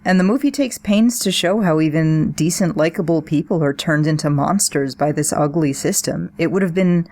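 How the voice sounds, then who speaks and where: Woman podcast co-host, deep for her sex, lively analytical chat. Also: moderate pace, few pauses. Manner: animated analytical talk. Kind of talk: casual podcast discussion.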